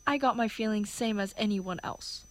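A woman's voice: medium pitch, normal speed, close to an everyday voice. A woman reading the part of a defiant young flower girl with a Cockney accent, indignant and protesting. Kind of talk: amateur play reading.

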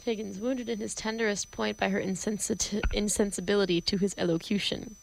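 A woman reading the stage directions of a play in a measured, plain way. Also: medium pitch, fairly even intonation, creaky, poor audio. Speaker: narrator.

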